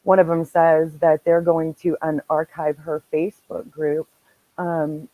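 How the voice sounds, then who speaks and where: A woman hosting a podcast, telling a story in casual chat, animated and swearing freely. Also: low voice, unhurried, no echo, narrow, tinny audio. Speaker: podcast host.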